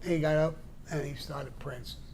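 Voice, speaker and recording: With a gravelly, fairly high voice, an older guest on a casual live show tells stories bluntly and profanely, impersonating the people involved. His intonation is fairly even, his pace normal and his tone a little mellow, with a little hiss or hum in the audio.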